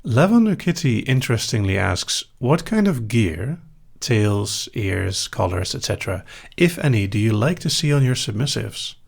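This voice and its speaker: A young Dutch man with a Dutch accent hosts a live question-and-answer session, reading listener questions aloud and answering them in an unhurried, dry manner. His voice sits low and carries a gravelly rasp. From Netherlands. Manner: calm, unhurried, dry humor. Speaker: hypnosis show host.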